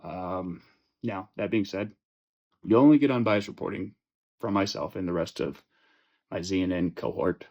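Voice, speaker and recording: Young male podcast host, low-pitched, rambling and profane, dull lo-fi audio. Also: normal speed, pauses often, darkish tone. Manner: profane, joking, rambling with many fillers and restarts. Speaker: fantasy football podcast host. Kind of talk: casual ranting chat.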